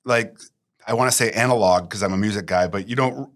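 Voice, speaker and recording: A man's voice: on the low side, fairly quick. A man co-hosting a podcast interview, playful and rambling, with many fillers as he asks questions. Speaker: podcast co-host. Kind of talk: casual interview chat.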